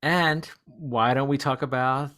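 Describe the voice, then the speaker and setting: A man's voice: mid-range voice, a little slow. A man hosting a podcast, chatting casually with a guest and laughing often. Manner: chuckles often, relaxed and chatty. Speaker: podcast host. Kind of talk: casual chat.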